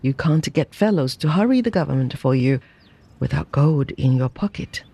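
A reader voicing a keen young male lawyer who talks in a brisk, persuasive way, in a storybook reading. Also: medium pitch, expressive, mellow, breathy edge. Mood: smooth-talking.

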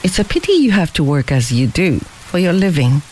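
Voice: medium pitch, very animated, fairly quick, a little mellow, poor audio. A reader voicing a careless, well-off young man who jokes and teases but turns earnest. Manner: joking, then earnest.

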